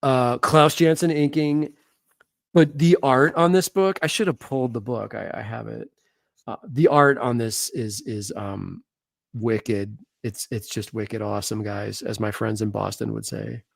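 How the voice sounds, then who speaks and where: A gravelly-voiced man gushes about comic art in a loose, slangy way, swearing casually as he goes. His voice sits mid-range, and the room is dry and close. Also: medium pitch, fairly even intonation, a little slow, no room sound. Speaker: comic artist host.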